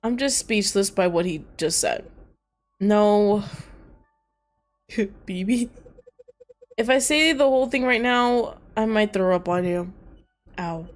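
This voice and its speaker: A woman streamer reads a chat story game aloud, voicing its lines and then reacting to them, with her voice sitting in a middle range. She swears freely and breaks into loud laughs, and faint music plays quietly underneath her. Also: medium pitch, slow, long pauses.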